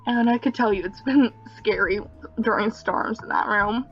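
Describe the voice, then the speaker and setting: A woman's voice: medium pitch, normal speed, highs cut off, soft background music. A young woman casually telling a personal story, rambling with many fillers and small nervous laughs. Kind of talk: casual story time narration.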